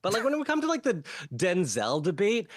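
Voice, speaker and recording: A man, an entertainment writer on a panel, arguing his point in quick run-on sentences. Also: high-pitched, wildly swooping pitch, no echo, clean studio sound. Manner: argumentative, quick run-on reasoning. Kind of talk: casual opinionated chat.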